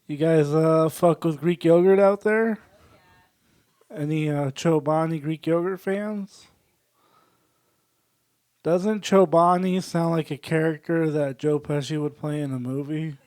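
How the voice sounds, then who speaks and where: A man doing a stand-up set, working the crowd with deadpan absurd jokes. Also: on the high side, measured pace, no room sound. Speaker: stand-up comedian. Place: small comedy venue.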